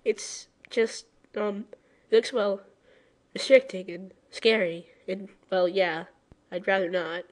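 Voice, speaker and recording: A woman voicing a timid, soft-spoken female pony in a cartoon fan story, halting with ums and wells. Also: medium pitch, steady tone, lightly acted.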